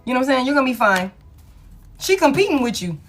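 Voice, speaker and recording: A woman's voice: high-pitched, big pitch swings, fast, faint music behind. A woman giving a live tarot reading to a caller, talking casually and emphatically, repeating her points and swearing freely. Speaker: tarot reader.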